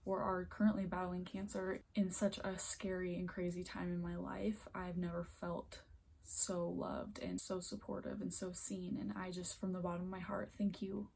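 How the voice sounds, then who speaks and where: A woman's voice: fairly low pitch, flat delivery, normal speed, gravelly, a little mellow, a little hiss or hum. A young woman vlogging at home into a phone camera, earnest and emotional, close to tears, often dropping to a near-whisper as she rambles. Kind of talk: emotional personal vlog.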